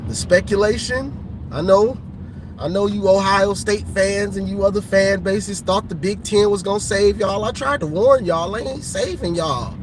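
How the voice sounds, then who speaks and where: A man live-streaming a casual sports rant, teasing rival fans with laughter and drawn-out colloquial talk. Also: sits high, background noise.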